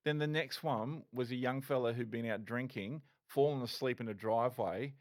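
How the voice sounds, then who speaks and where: A man's voice: mid-range voice, moderate pace. A middle-aged man, a former police officer, telling his story candidly as a podcast guest, swearing and restarting often.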